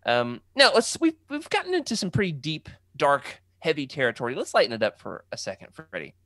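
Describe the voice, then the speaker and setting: Male podcast host, lively up-and-down delivery, jokey, dry close-mic sound. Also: a little high, a little fast, no room sound. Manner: animated, joking, reads out chat comments. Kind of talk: casual livestream podcast chat.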